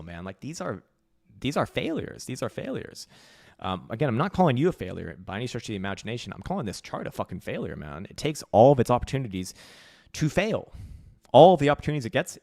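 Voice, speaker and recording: A man's voice: medium pitch, creaky, darkish tone, no echo, clean studio sound. A man hosting a crypto trading livestream. He answers viewer questions bluntly, swears freely, mocks people, and laughs often. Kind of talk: live-stream commentary reading viewer questions.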